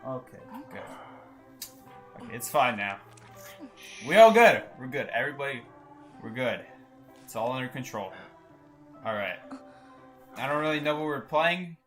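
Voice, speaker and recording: A man's voice: medium pitch, big pitch swings, normal speed, long pauses, a bit bright, soft background music. A young man chatting casually and joking while streaming a game and reading chat aloud. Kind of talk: casual gaming stream commentary.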